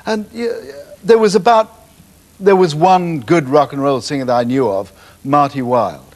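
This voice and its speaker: A man's voice: fairly high pitch, normal speed. An older man, a television producer guest on a chat show, telling anecdotes animatedly and acting out the voices of the people he quotes. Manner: animated, acts out quoted voices, laughs often.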